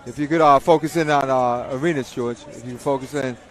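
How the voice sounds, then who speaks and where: A man's voice: mid-range voice, steady tone, a little fast, soft background music. A man commentating live boxing fights, rambling and joking, often repeating himself. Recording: crowd noise at a live event.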